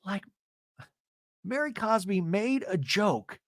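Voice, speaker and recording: Lively, animated male podcast host. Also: sits high, slow pace, no room sound, studio quality. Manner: animated, rambling, laughs often. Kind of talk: casual comedic recap commentary.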